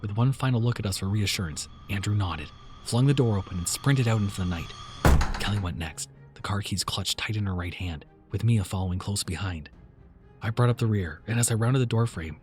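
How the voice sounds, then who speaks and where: A man narrating a first-person horror story in a tense, measured way. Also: lowish voice.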